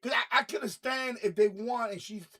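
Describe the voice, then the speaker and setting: A man's voice: very high voice, a little fast, bright, forceful tone. A man hosting a live stream, ranting heatedly with lots of swearing and repeated phrases. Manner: heated, profane, repetitive ranting. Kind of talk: casual ranting commentary.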